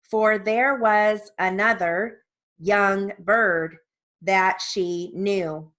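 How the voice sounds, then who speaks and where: A woman reading steno practice dictation in measured, evenly spaced phrases. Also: mid-range voice, fairly bright tone. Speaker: court reporting practice dictation reader.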